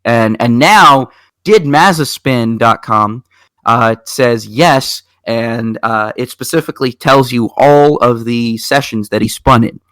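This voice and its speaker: Man, racing show co-host, casual rambling storyteller, mid pitch, dry close sound. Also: takes it slowly, dry recording. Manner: rambling, animated storytelling with restarts. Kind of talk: casual chat.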